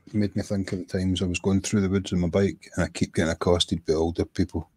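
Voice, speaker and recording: A man with a Scottish accent, a guest on a casual livestream, telling lively stories full of swearing. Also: low-pitched, fast, a little hiss or hum. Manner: animated, sweary storyteller. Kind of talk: casual storytelling chat.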